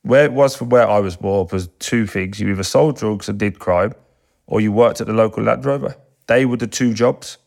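This is a man in his thirties from whose voice sits low. He tells long, animated stories in a loose, conversational way, swears freely, and briefly mimics the people he quotes. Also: brisk, creaky. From England. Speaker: guest, football captain. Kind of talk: casual storytelling interview.

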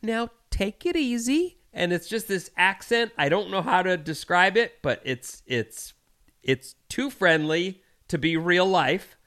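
A man co-hosting a podcast, telling a story in an exasperated, animated way, swearing and doing voices. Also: high voice, unhurried. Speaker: podcast co-host. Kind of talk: casual chat, storytelling.

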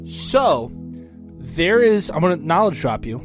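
A man's voice: on the high side, big pitch swings, measured pace, music in the background. A man co-hosting a casual podcast, telling offhand stories and swearing casually. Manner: laid-back storyteller, swears casually. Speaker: podcast co-host.

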